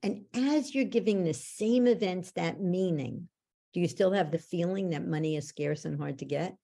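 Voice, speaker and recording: A woman coach guiding a guest through a belief exercise with direct, steady questions. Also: on the low side, moderate pace, creaky.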